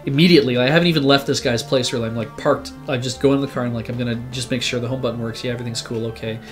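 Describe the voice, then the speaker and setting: Racing along in a mid-range voice against faint background music, a sick man who regularly appears on the show spins a long, rambling tale in casual conversation. He's animated, swears, and acts out his own past remarks.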